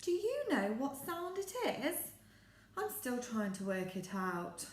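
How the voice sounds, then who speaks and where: A woman with an English accent teaching a phonics lesson to young children, with big gasps and drawn-out sounds. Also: on the high side, sing-song, echoey room. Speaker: primary school phonics teacher.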